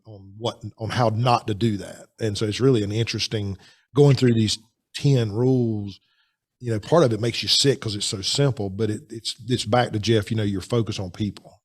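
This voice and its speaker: A man hosting a casual podcast chat, talking in a chatty, animated way with frequent restarts. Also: lowish voice. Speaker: podcast host.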